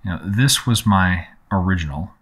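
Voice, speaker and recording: Low-voiced man hosting a relaxed tutorial. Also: moderate pace, husky. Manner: relaxed, conversational, many fillers like "you know" and "um". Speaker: photography tutorial host. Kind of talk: casual screen-recorded software tutorial.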